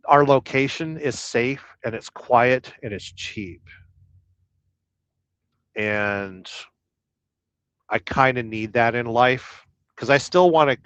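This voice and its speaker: Chatting casually on a livestream from inside his truck, this man rambles, cracks jokes, and reads his viewers' comments aloud. He speaks in a mid-range, fairly bright voice with a clear, resonant tone, and there's no room sound.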